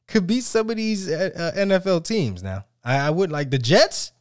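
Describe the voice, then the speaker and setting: A man's voice: high voice, moderate pace, smooth, dry recording, studio quality. A man co-hosting a sports podcast, ranting about football with lots of restarts and tangents. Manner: animated, ranting, many restarts. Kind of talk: casual sports banter.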